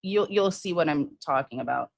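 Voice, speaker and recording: A woman's voice: low-pitched, lively intonation, normal speed, creaky, no echo. A woman hosting a casual true-crime livestream, rambling with many fillers and restarts while answering viewers' comments. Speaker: livestream host.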